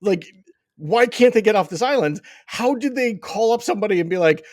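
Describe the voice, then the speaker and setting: A man's voice: high-pitched, expressive, brisk, dry recording, clean studio sound. A man co-hosting a casual comic book podcast, talking in incredulous, rambling asides. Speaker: podcast co-host.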